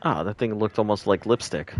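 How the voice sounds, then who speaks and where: A man with a fairly low voice chatting loosely through a survival game stream. He often drops into quiet mutters to himself between remarks to his co-player. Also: fairly quick. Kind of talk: casual gameplay chat.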